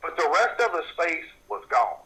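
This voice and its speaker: A middle-aged man, a paranormal investigator recounting a personal story in an interview, animated and repeating words when worked up. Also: fairly high pitch, moderate pace, vocal fry, poor audio.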